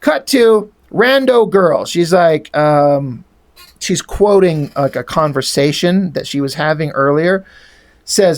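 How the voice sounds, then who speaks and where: A man's voice: a little high, lively intonation, slow. A man reviewing a comic book in casual talk, rambling, exasperated and swearing freely.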